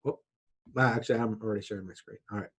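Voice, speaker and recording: A man's voice: fairly low pitch, steady tone, rapid-fire, husky. A man teaching an online marketing course lesson, talking casually with fillers and restarts, sharing his screen. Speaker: marketing instructor.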